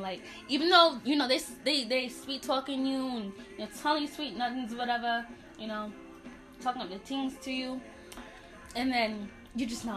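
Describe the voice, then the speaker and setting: A woman's voice: sits high, normal speed, over music. A woman from Haiti, co-hosting a podcast in casual chat, laughing often and talking while eating. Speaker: podcast co-host.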